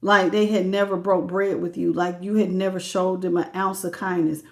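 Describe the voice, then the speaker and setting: A woman giving a live tarot reading, animated and preachy, often repeating herself and laughing between greetings. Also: fairly low pitch, moderate pace. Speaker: tarot reader.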